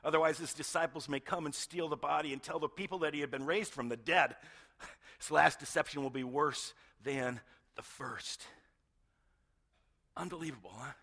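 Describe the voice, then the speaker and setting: A middle-aged man preaches a sermon in a bright, slightly high voice. He tells the story in animated turns, sinking to near-whispers and rising to emphatic peaks. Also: moderate pace, husky. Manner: animated storytelling, swings between hushed and emphatic. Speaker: pastor.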